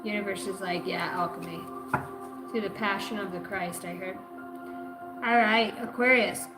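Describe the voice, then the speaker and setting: A woman's voice: medium pitch, fairly even intonation, moderate pace. A woman giving a loose, rambling spiritual reading on a live stream, slangy and full of swearing. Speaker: spiritual reader. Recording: echoey room with music behind.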